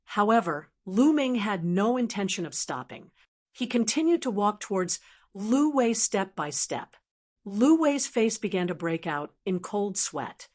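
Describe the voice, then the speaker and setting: A woman narrating a fantasy audiobook in an even, steady reading voice. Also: mid-range voice. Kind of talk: scripted narration.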